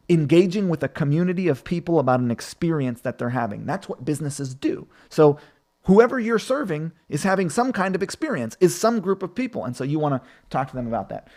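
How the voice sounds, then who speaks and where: A man's voice: fairly high pitch, darkish tone. A man hosting a live stream, answering viewer questions about marketing in a loose, conversational way with plenty of fillers.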